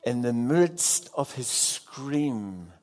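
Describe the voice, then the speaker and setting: Male pastor, mid-range voice, unhurried sermon delivery, earnest, questions the congregation. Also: mid-range voice, expressive, a little mellow. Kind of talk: evening sermon.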